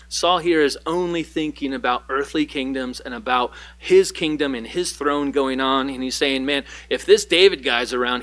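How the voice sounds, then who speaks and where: A male pastor teaching a Bible passage in a sermon, joking and animated, with quick asides and playful voices for the characters. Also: mid-range voice. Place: church.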